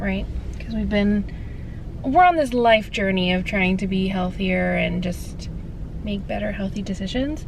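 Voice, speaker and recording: A tired woman chatting casually to camera in a vlog, gushing and rambling with fillers and soft whispered asides. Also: medium pitch, fairly even intonation, moderate pace, gravelly, noisy background. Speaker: vlogger.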